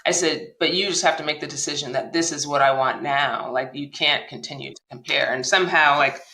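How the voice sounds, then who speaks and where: A woman telling her personal story as a podcast guest, animated and acting out the dialogue she recalls. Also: low voice, fairly quick, echoey room, rough recording. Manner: animated retelling, acts out quoted dialogue.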